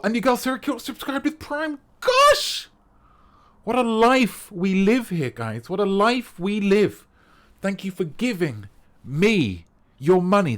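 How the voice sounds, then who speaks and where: An English man with a refined RP accent, hosting a live-streamed character comedy show in a grandiose, theatrical manner. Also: high-pitched. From England. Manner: grandiose, theatrical, playfully pompous. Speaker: streamer host.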